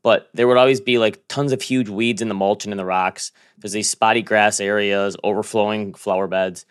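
A man hosting a casual finance podcast, talking in a quick, joking, conversational way and telling stories. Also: lowish voice, steady tone, clean tone. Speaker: podcast host.

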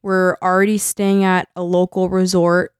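A woman's voice: fairly low pitch, flat delivery, moderate pace, smooth, dry recording, clean studio sound. A woman co-hosting a podcast, teasing her partner and laughing often. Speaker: podcast co-host. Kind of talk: casual chat.

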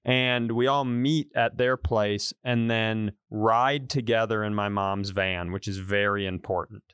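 A man in his thirties, co-hosting a podcast, tells a story in casual chat, animatedly acting out the quotes. His lowish voice is smooth and measured, captured in clean studio sound with no echo.

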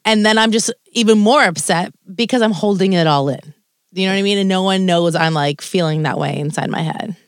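A woman's voice: mid-range voice, brisk, smooth, no room sound, clean studio sound. A young woman co-hosting a podcast, chatting casually and animatedly, swearing freely. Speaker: podcast co-host. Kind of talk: casual chat.

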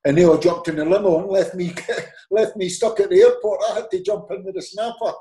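A reverberant recording captures a Scottish ex-footballer on a podcast, his voice sitting high and fairly quick. Chatting casually, he tells animated anecdotes, acting out the dialogue and laughing often.

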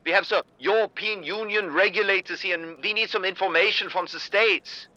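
Man doing a German executive, high, soft, official, German accent. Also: fairly even intonation, a little fast, no room sound, lo-fi sound. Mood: officious. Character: fake German male executive, smooth.

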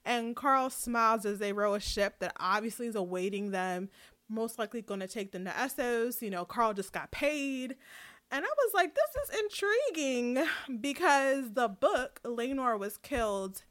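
Woman co-host doing a casual episode summary, steady and chatty, with lots of fillers. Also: on the high side, moderate pace. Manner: steady summarizing with fillers, mock-quotes characters. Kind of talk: casual TV recap and plot summary.

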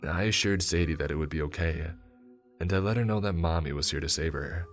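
A man with an extremely deep voice reads a first-person story. His delivery is steady and measured, with faint music playing underneath. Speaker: narrator.

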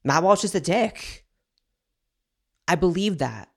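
A woman's voice: lowish voice, animated, takes it slowly, creaky, slightly rough. A woman hosting an opinionated commentary show, talking in a blunt, sarcastic, ranting way.

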